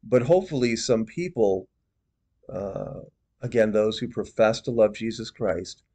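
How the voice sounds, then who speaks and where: A man giving measured, disapproving commentary on religious video clips. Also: on the low side, expressive, warm tone.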